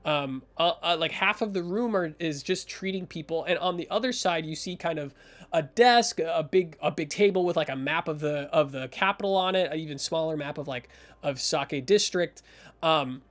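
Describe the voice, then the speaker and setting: A man's voice: fairly high pitch, normal speed, fairly bright tone. A man narrating as game master in a rambling way, full of fillers and restarts.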